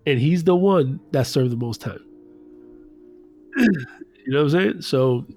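A man's voice: fairly high pitch, lively intonation, a little slow, a little mellow, slightly rough, soft background music. A man retelling a story in casual chat, loose and profane, acting out the voices.

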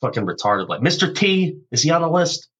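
A man bantering in profane improv comedy, loud and animated, with squeaky outbursts. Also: fairly quick, husky. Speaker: co-host.

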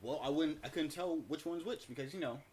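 A man's voice: fairly high pitch, brisk, a little mellow, slight background noise. A young man in casual chat with friends, joking loosely, swearing and laughing often.

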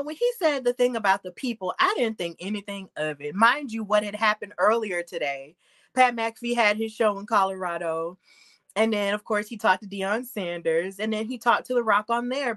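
A woman in her thirties co-hosting a wrestling aftershow, chatting in an animated, gushing way with lots of fillers and laughs. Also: medium pitch. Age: 30s. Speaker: aftershow co-host. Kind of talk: excited casual chat.

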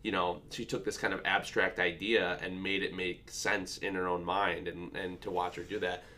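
A man's voice: low-pitched, flat delivery, pushed and bright. A man in his thirties, a father, chatting casually and reflectively about parenting, telling stories with frequent restarts. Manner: reflective, storytelling, halting restarts. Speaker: podcast co-host, father. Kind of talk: casual chat.

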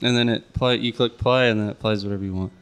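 A man's voice: fairly low pitch, fairly even intonation, fast talker, clear, resonant tone. Laid-back crude man, podcast banter. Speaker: podcast co-host.

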